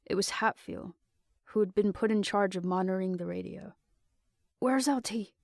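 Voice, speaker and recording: Gravelly woman narrator, steady reading, dry close sound. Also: medium pitch, brisk, no room sound. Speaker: audiobook narrator. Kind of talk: storybook narration.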